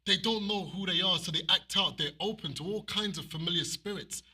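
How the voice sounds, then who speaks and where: Man preaching, higher pitch, very bright tense tone, slightly husky, animated scripture reading. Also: fairly quick. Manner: animated, emphatic, with repeated phrases.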